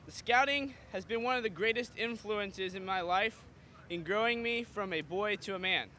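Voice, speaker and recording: A man's voice: high-pitched, normal speed, bright, forceful tone, slight background noise. A man and scout father reading a firm, declarative press statement outdoors. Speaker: scout parent speaker.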